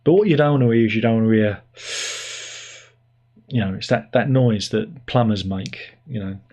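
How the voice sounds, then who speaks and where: Husky English man chatting on a livestream. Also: fairly low pitch, normal speed, warm tone, lo-fi sound. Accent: British (England). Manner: rambling, self-mocking, puts on silly voices for his dog. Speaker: livestream host. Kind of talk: casual chat.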